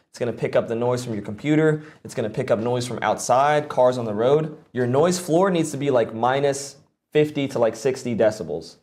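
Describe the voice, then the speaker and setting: A man's voice: mid-range voice, a little mellow. A young man streaming live, giving casual advice on voice acting with lots of "like" fillers and blunt swearing. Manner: loose and profane, lots of "like" fillers.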